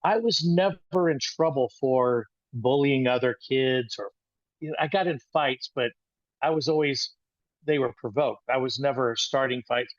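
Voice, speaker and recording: An older man in his sixties tells a story from his own childhood, wandering and halting as he goes, with plenty of restarts. The sound is dry and a little dull, with no room around his voice. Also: mid-range voice, no room sound. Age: 60s. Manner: rambling, halting with frequent restarts. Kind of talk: personal storytelling talk.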